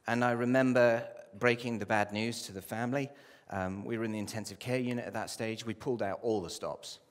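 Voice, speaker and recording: Male pastor, passionate sermon delivery, average pitch, recorded with a long hall echo. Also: steady tone, fairly quick. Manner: impassioned, rising to loud pleading then dropping low. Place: church.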